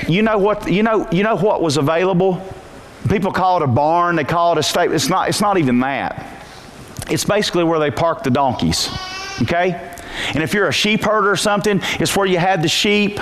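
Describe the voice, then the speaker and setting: Animated man preaching a sermon. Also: a little high, moderate pace, pauses often, slight background noise. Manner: animated storytelling, swings from quiet asides to shouted peaks. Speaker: pastor. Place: church.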